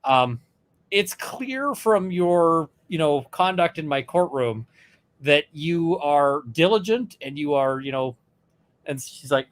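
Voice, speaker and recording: A man's voice: on the high side, takes it slowly. A man, a lawyer co-hosting a casual chat, telling a courtroom story with lots of fillers and quoted dialogue. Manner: animated retelling with quoted voices, many fillers. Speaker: lawyer, podcast co-host.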